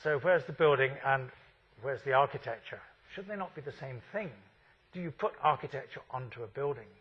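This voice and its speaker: A man's voice: mid-range voice, expressive, a little fast, slightly rough, muffled recording. A man in his fifties giving a university architecture lecture, wry and full of rhetorical questions.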